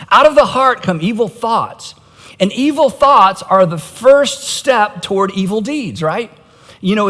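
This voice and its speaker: A middle-aged man preaching a sermon with a high, very animated voice. He talks casually and pokes fun at himself, with wry asides. His voice rings with the long reverb of a large auditorium. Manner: conversational and self-mocking, with wry asides. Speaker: pastor.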